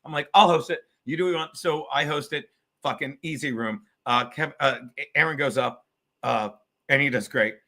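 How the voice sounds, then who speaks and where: A man's voice: mid-range voice, moderate pace. A man hosting a podcast, telling a comedy story with lots of swearing and acted-out quotes. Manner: animated, profane, acts out quotes. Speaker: podcast host.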